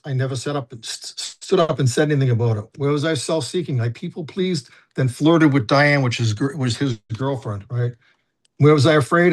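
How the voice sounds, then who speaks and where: An older man speaks candidly about his past, working through a personal inventory out loud. His delivery is halting and unpolished, full of fillers and restarted phrases. His voice sits at an ordinary middle pitch for a man. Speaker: recovery sponsor and coach. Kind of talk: personal testimony, casual and confessional.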